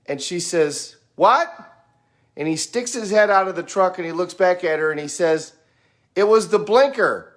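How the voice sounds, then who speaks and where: A middle-aged American man talking in an unhurried, folksy way, musing on life and telling a story with plenty of fillers. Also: high-pitched. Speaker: speaker sharing reflections. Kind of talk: casual reflective monologue.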